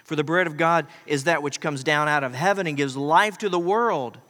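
Bright-voiced preacher man in a reverberant hall. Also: fairly high pitch, normal speed. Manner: swings between emphatic loud declarations and quiet intimate asides. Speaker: pastor. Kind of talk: sermon.

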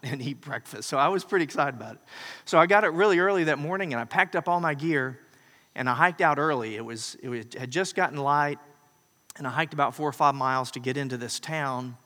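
A man preaching a sermon as pastor, swinging between emphatic loud declarations and quiet, close asides. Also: medium pitch, a little fast. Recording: preacher in a large reverberant hall.

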